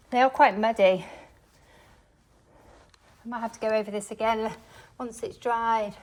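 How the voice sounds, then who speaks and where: A woman chatting casually to the camera while she cleans her home, thinking aloud and poking fun at herself, recorded on a phone strapped to her chest. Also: on the high side. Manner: chatty, thinks aloud, self-mocking asides. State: slightly out of breath. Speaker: cleaning vlogger. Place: home, indoors. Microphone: phone worn on a chest harness.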